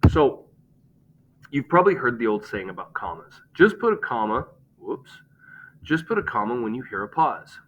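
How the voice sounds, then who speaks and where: A man's voice: mid-range voice, sing-song, moderate pace, fairly bright tone, rough recording. A man teaching a grammar lesson, explaining step by step and checking in with "okay?".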